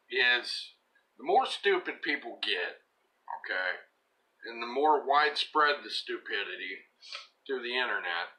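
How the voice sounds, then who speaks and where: A man hosting a casual live-stream chat, joking crudely and laughing loudly. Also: mid-range voice, slight background noise. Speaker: live show host.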